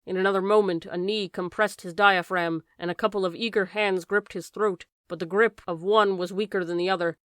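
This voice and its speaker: A woman narrating a classic science fiction novel as an audiobook, reading dramatically and raising her voice for shouted lines. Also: medium pitch, steady tone, fairly quick, hardly any pauses, clear, resonant tone, no echo, clean studio sound. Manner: raises voice sharply for shouted lines.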